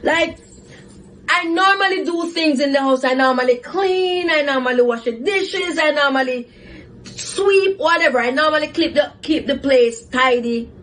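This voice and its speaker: A woman hosting a talk show, telling a personal story in a casual, animated way and giving life advice. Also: high voice, normal speed, rough recording. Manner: animated, laughs often while telling a story. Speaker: host, psychotherapist.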